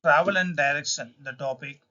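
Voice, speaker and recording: A man's voice: fairly high pitch, a little fast, lo-fi sound, noisy background. A man acting as an English teacher who opens a spoken English lesson and announces its topics in short phrases.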